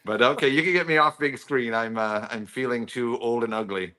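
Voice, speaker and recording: An older man chats on a show in a bright, clear tone. He jokes in a laid-back way and rambles with restarts. The chat is casual. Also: mid-range voice, fairly quick. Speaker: show regular.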